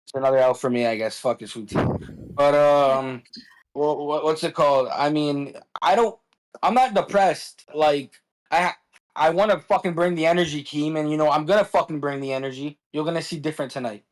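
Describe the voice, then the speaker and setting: A man co-hosting a livestream from home, defending himself in halting, restarting speech. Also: on the high side, rough recording. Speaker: co-host. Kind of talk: defensive casual chat.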